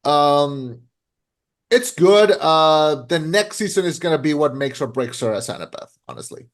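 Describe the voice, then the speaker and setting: A man's voice: a little high, expressive, unhurried. A young man hosting a podcast in casual chat, rambling with lots of "like" and restarting his sentences. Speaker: podcast host.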